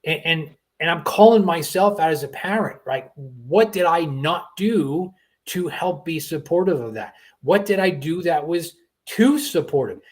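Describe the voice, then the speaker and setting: A man's voice: a little high, expressive, unhurried. A middle-aged man hosting a talk show, speaking earnestly and often repeating words as he starts a thought. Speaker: host. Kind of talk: conversational talk show chat.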